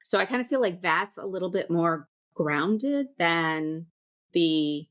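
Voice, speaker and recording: A woman hosting a podcast interview, speaking in a measured, conversational way. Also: on the low side, expressive, a bit bright. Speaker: podcast host.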